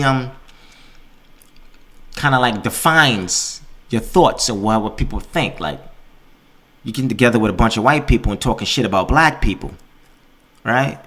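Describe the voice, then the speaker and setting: A man's voice: mid-range voice, moderate pace, pauses often. A man hosting a podcast, ranting casually and profanely and acting out other people's voices. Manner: profane, animated, acts out quoted voices. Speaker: podcast host.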